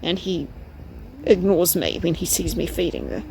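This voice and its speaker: A woman chatting casually in a vlog as she wanders her garden, rambling on and sometimes cooing at her pets in a high sing-song voice. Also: big pitch swings, normal speed, creaky. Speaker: vlogger. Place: outdoors in a garden. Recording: outdoor noise with passing vehicles.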